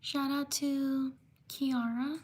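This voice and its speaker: A woman hosting a livestream, slowly reading out shout-outs to viewers one after another and quickly apologizing for mispronouncing names. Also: high-pitched. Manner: slow, steady listing of names with quick apologies. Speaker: livestream host. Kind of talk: live stream shout-outs.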